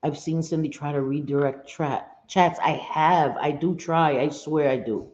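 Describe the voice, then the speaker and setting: Woman live streamer, low mellow voice, blunt and profane, repeats herself, roomy slightly dull recording. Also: unhurried. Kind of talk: casual live stream talk to chat. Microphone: home streaming setup.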